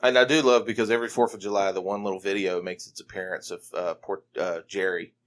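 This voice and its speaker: A man's voice: low voice, steady tone, fast. A man co-hosting a casual podcast chat, joking and telling stories with animation. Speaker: podcast co-host.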